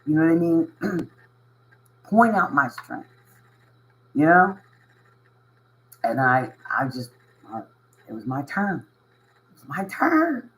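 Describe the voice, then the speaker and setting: A man with a voice a bit higher than most talks straight to his viewers in an earnest, emotional monologue. He hammers points home through repetition, keeps checking in with "you know what I mean" and chuckles between lines. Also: expressive, slow pace, long pauses, fairly bright tone, poor audio. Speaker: spiritual channel host. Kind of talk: casual motivational monologue to viewers.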